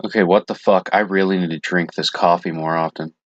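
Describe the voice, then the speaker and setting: A man's voice: low voice, fairly even intonation, brisk, dry recording, highs cut off. A young man co-hosting a casual podcast, laid-back, swearing and laughing a lot. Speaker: podcast co-host. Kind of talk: casual chat.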